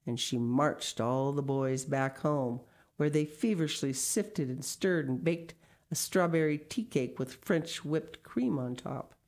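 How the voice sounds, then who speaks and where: A woman reading a children's picture book aloud, with lively expression and small asides. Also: very deep voice, measured pace. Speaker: storyteller.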